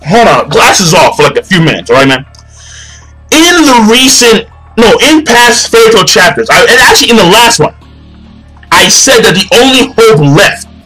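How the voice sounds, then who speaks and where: An excitable young man rants through an anime review in a high, bright voice, swearing freely and tripping over his own restarts. Faint music plays behind him. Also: breathy edge, poor audio. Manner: excitable, profane, stammering restarts. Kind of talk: ranting video commentary.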